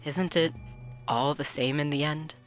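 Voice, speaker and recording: A streamer voicing a calm, cryptic girl troll while reading a visual novel aloud, speaking slowly and low. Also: lo-fi sound, soft background music, natural voice. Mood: calm, wistful. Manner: slow, low, hushed delivery.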